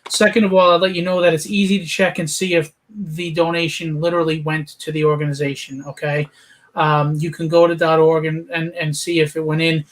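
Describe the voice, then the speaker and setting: A man hosting an online charity art auction, talking in an energetic, persuasive way with frequent fillers. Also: a little high, brisk. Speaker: auction host. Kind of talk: charity livestream pitch.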